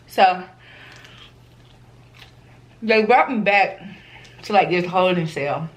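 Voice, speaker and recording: A young woman, chatting casually as a vlogger, animated and slangy, often acting out the people in her story. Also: lowish voice, takes it slowly. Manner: animated, slangy, acts out quoted voices.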